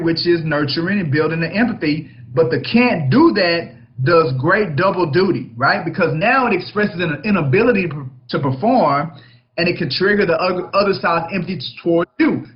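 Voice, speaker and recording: A man's voice: high voice, muffled recording. A man, a real estate broker, coaching his agents through a negotiation book chapter and checking in with "right?" after nearly every point. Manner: emphatic, keeps checking in with "right?".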